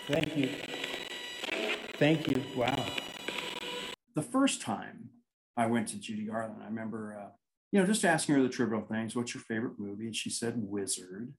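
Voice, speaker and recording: A man's voice: mid-range voice, animated, moderate pace, long pauses, heavy background noise. A man, a paranormal investigator, telling anecdotes in a casual interview, rambling and acting out quoted dialogue.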